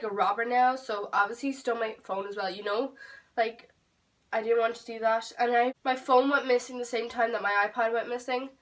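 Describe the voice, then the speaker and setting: A young woman rambling through a storytime vlog at home, swearing freely and getting animated. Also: a little high. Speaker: vlogger. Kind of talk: storytime vlog, casual chat. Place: home room. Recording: voice a bit far from the mic.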